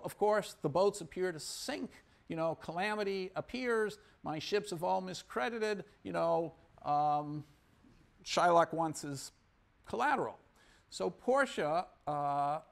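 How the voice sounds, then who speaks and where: A man giving a university economics lecture, retelling a story in an animated way, with many fillers and restarts. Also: high-pitched, creaky. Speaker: economics professor. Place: lecture hall.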